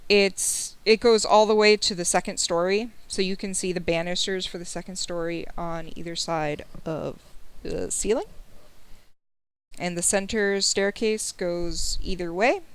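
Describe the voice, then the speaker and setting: Slow-talking woman game master. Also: on the low side, fairly even intonation, smooth. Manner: slow, descriptive, with fillers. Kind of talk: narrating a tabletop game.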